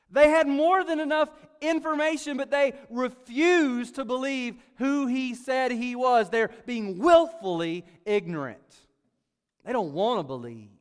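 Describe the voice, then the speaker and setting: A man preaching a sermon as pastor, swinging between loud urgency and quiet asides. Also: sits high, clean tone, long reverb tail.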